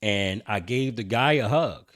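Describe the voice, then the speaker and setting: A man's voice: lowish voice, animated, a little slow, fairly bright tone, no echo, clean studio sound. A man hosting his own channel, candidly telling a personal story in a rambling way with frequent restarts. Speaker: channel host.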